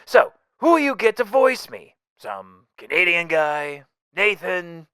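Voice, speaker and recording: A man voicing a wisecracking, unhinged male mercenary in a fan audio drama, jokey and manic, swinging between whispers and shouts. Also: sits high, very animated, slow, smooth, no echo, studio quality, full character voice. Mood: manic teasing.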